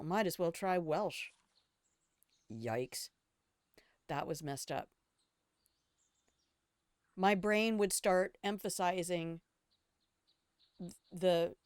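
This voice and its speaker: An older woman chatting through a game stream in a smooth, fairly low voice, wry and talkative. She reads dialogue aloud and riffs on it between lines. The recording is close and dry. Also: a little mellow, no room sound. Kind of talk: casual gameplay commentary.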